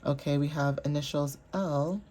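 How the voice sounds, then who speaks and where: A woman's voice: low-pitched, steady tone, moderate pace, dark tone, slight background noise. A woman giving a casual, chatty tarot reading, full of fillers and often checking in with her listeners. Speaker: tarot reader.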